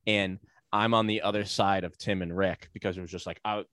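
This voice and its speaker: A man's voice: low-pitched, steady tone, fairly quick, a bit bright, dry recording. A man on a casual podcast, telling a long rambling story full of fillers, profanity and sarcastic asides.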